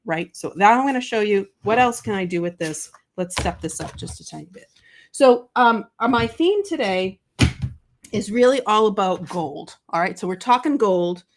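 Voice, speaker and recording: Slight background noise accompanies this woman's medium-pitched voice. She hosts a live papercraft show, chatty and gushing as she talks to her chat between coughs from a summer cold.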